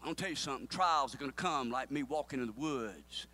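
A pastor preaching a sermon, urging his congregation on, swinging between quiet asides and near-shouted calls. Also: mid-range voice, quick pace. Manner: impassioned preaching, rising to a near-shout, with call-and-response.

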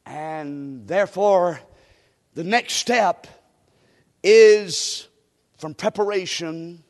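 A high-voiced man preaching with a drawl. He drops to quiet asides, then climbs to fervent shouts. His voice rings out with a long reverb in a church hall. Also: drawn-out words. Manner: animated preaching, swings from low asides to shouting. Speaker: pastor. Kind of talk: sermon.

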